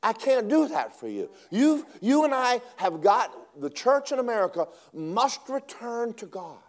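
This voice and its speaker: A man preaching a sermon, swinging between loud emphatic lines and hushed asides. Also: very high voice, very animated, unhurried.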